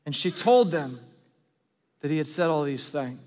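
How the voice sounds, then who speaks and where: A man preaching a sermon as pastor, earnest, shifting between loud emphasis and hushed asides. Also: fairly high pitch, expressive, normal speed. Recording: long reverb of a large hall.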